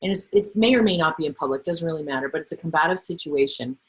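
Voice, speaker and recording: A middle-aged woman trainer presenting a workplace webinar, animated and acting out the voices she quotes. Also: low voice, quick pace, breathy edge, low-quality recording.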